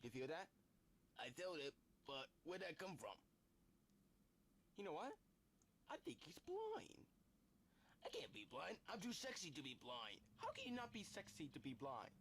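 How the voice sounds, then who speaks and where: A man voicing a bossy, excitable plush toy in a home-made toy video, exclaiming and giving orders. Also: on the high side, normal speed, pauses often, slight background noise, voice pushed up, heavily acted.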